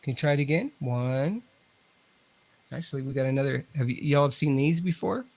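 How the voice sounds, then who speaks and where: A man's voice: mid-range voice, fairly quick, a little mellow, no room sound. A man, chatting on a radio show as a ghost hunter and talking to spirits. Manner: talks to spirits and equipment, chatty. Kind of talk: casual radio show chat.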